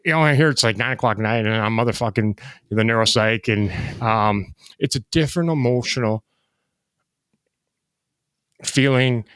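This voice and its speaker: A man hosting a casual podcast interview, halting and filler-heavy, who cuts in on his guest. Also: mid-range voice, fairly bright tone, clean tone, no echo. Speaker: podcast host.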